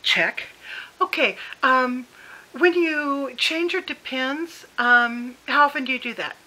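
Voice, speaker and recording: A hesitant young receptionist works through a checklist, as a woman acts her out. She sounds halting and slow, stalling with fillers in a bright voice. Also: high voice, voice pushed up, exaggerated voice, poor audio.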